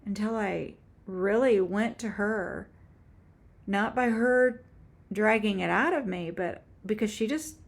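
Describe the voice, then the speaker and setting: A woman in her seventies telling a heartfelt personal faith story on her own channel, halting and earnest with frequent restarts. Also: mid-range voice, creaky. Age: 70s. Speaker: author and YouTuber. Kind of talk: personal faith testimony vlog.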